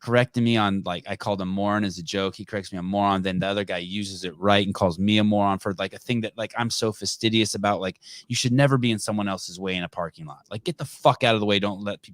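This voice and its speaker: A man's voice: lowish voice, quick pace, no echo, clean studio sound. A middle-aged man hosting a podcast, telling stories in a profane, rambling casual chat. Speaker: podcast host.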